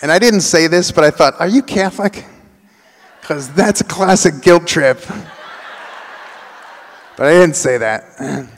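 A man's voice: fairly high pitch, a little slow, pauses often, a faint crowd. Man telling a story in a reverberant hall. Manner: animated, acts out quoted voices. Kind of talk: live personal storytelling.

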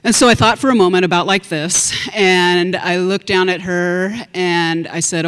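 A woman telling a personal story on stage to an audience, chatty and animated, with asides to the listeners. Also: lowish voice, normal speed, few pauses, clean tone. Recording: long hall reverb.

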